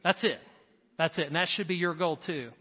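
A middle-aged man preaching a sermon as a pastor, with rising emphasis and quick asides to the congregation. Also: a little high, slightly rough. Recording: dull sound with long hall reverb.

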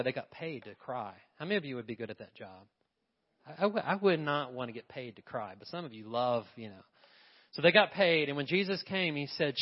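A man's voice: on the high side, very animated, a little fast. A male pastor preaching a sermon in a church, emphatic and often putting questions to the congregation. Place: church sanctuary. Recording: long reverb, dull lo-fi sound.

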